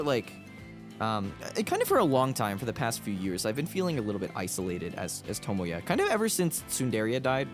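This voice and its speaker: Chatty American guy, lively pitch. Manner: rambling, chatty, laughs often, lots of fillers. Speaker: streamer. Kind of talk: casual livestream chat.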